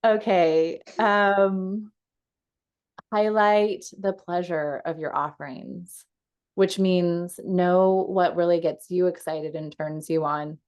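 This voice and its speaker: A woman coach leading a casual teaching call from home over a video call, chatty and quick to laugh, with frequent fillers. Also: fairly low pitch, steady tone, darkish tone, clear, resonant tone, lo-fi sound.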